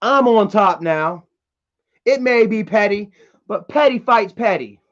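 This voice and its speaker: A high-voiced man streams from home in a casual rant, reading out chat messages in a heated, profane way. His intonation is lively though he speaks unhurriedly. The audio is dull and lo-fi, typical of a stream.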